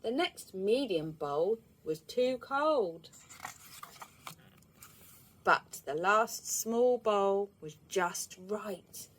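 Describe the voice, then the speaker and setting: A woman, reading a children's storybook aloud in an expressive, lively way. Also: mid-range voice, very slow.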